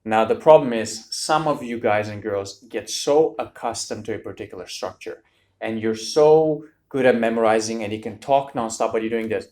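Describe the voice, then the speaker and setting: Speaking at a moderate pace with a lowish voice, a man coaches students for a speaking exam in a tutorial to camera. He's direct and energetic, calling his viewers "you guys".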